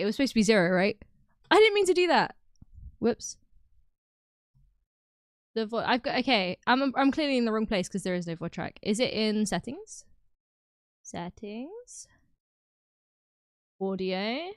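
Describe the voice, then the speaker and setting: A woman's voice: a little high, no echo, clean studio sound. A young woman streaming, chatting casually with her viewers, bubbly and giggly, often breaking into laughter. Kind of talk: casual chat with live chat.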